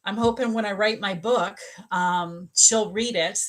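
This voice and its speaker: A woman who works as a psychic medium and spiritual coach chats casually on a livestream in a mid-range voice, speaking a little slowly. She tells a personal story and acts out the dialogue within it.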